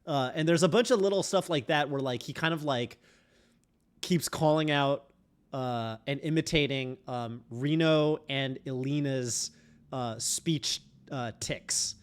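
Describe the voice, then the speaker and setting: A man's voice: medium pitch, unhurried, clear, resonant tone. A man streaming a game, chatting casually in a rambling way full of fillers and restarts. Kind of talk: casual chat while streaming.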